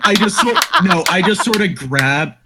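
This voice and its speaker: A man's voice: sits high, animated, normal speed, heavy background noise. A man playing in a tabletop game, talking with hesitant restarts. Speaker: player. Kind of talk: casual tabletop play.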